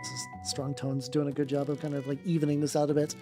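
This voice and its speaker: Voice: medium pitch, little pitch movement, quick pace, over music. A miniature-painting streamer chatting casually with viewers while working, rambling with many restarts, swearing offhandedly and greeting chat by name.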